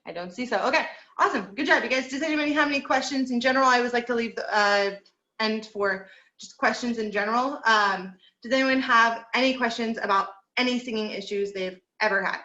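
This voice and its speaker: Upbeat voice teacher on a video call. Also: female voice, fairly high pitch, a little fast, bright, forceful tone, reverberant, dull audio. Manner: encouraging, counts and sings number drills. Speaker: vocal teacher. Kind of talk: online group singing lesson.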